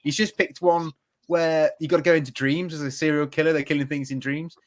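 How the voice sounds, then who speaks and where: Fast-talking joking man. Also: on the high side, fairly even intonation. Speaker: show co-host. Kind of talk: casual chat.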